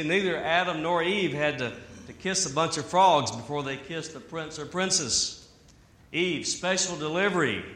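A man preaching a sermon in an animated way, with humor and asides. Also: a little high. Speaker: pastor. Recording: echoey hall.

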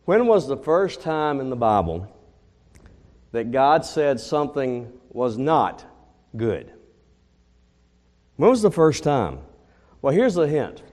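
A man preaching a sermon as pastor, slow and emphatic, repeating his key phrases. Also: medium pitch, big pitch swings, darkish tone, big-room sound.

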